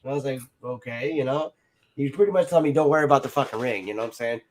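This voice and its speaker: Talking very fast in a mid-range voice, a man rattles off a personal story in casual chat, swearing freely. He strays all over the place, fills it with "like" and "you know," and does other people's lines.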